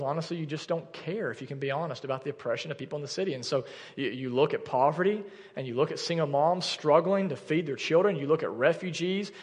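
Earnest pastor preaching in a reverberant sanctuary. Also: male voice, a little high. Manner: earnest, direct address to the congregation with rising intensity. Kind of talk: sermon. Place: church sanctuary.

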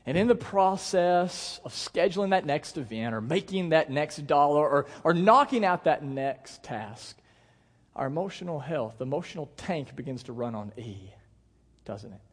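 A young man preaching a sermon to his congregation in a conversational, animated way, asking the crowd questions and telling stories. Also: a little high, moderate pace, husky. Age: young adult. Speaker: pastor. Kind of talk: sermon with storytelling. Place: church hall. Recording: long hall reverb.

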